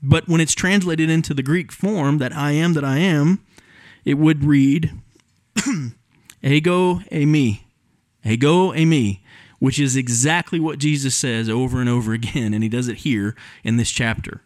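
A pastor with a mid-range male voice preaches an expository sermon in a church sanctuary, his tone steady and his pace moderate, with no room sound. He teaches earnestly, explaining what words mean and filling his speech with frequent ums.

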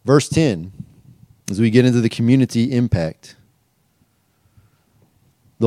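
A man's voice: mid-range voice, measured pace, long pauses, mellow, dry recording, studio quality. A middle-aged man preaching a verse-by-verse sermon, asking rhetorical questions and acting out quoted voices. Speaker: pastor and teacher.

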